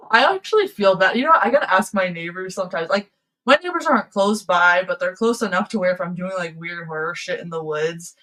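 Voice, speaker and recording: A woman's voice: fairly low pitch, fairly bright tone, poor audio. A woman hosting a casual livestream, telling rambling stories and laughing often. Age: adult, past high school. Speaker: livestream host. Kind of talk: casual chat with viewers.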